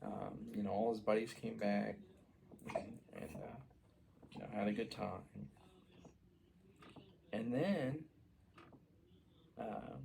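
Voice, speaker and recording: A man's voice: lowish voice, slow pace, vocal fry, pauses often, background noise. A man rambling through an improvised children's story, full of "you know" and "uh".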